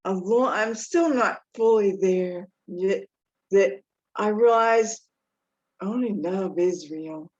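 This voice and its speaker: Woman, slow halting reflective share; muffled video-call sound. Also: mid-range voice, a little mellow. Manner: halting, searching for words. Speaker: study group participant.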